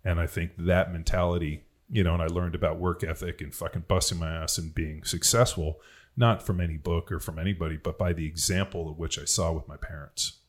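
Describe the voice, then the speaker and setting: Deep-voiced man telling stories. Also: steady tone, brisk. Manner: rambling storytelling with frequent swearing and fillers. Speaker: podcast host. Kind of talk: casual podcast chat.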